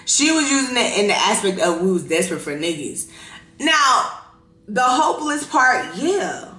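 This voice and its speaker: A woman in her thirties hosting a podcast, talking in a profane, laughing, animated way, with a casual and unfiltered delivery. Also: mid-range voice, normal speed, echoey room. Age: 30s. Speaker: podcast host.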